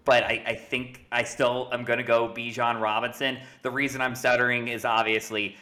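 A man's voice: mid-range voice, flat delivery, moderate pace, sharp tone. A man hosting a podcast, leading the casual discussion in an easygoing way. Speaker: podcast host.

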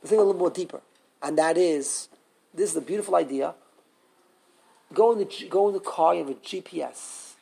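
A man teaching a live Torah class, animated and full of questions to the students, often restarting his sentences. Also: sits high, brisk, gravelly, pauses often, breathy edge.

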